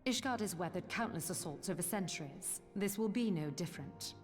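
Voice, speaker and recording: A woman's voice: on the low side, lively intonation, fairly quick, soft background music, natural voice. An actress playing a stern, formal female knight commander in a fantasy game, speaking composed, archaic lines. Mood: resolute.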